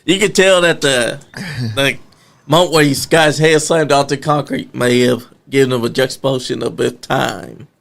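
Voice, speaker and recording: A laid-back man hosts a casual podcast, his voice gravelly and mid-pitched. He chimes in with quips and follow-up questions. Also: fairly even intonation, normal speed, a bit bright. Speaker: podcast host.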